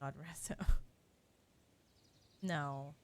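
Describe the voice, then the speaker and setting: A woman's voice: sits low, very slow. A woman game streamer chatting casually while she plays, playful and teasing, laughing at herself. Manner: playful, teasing, self-deprecating. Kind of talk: casual live-stream chat.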